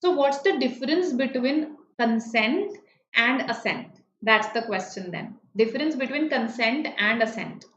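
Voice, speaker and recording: Woman, online teacher, patient explainer, fairly high voice, roomy dull audio. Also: expressive, a little slow, fairly bright tone, a little hiss or hum. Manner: explains patiently, checks in with students often. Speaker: online exam-prep teacher. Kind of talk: live online vocabulary lesson.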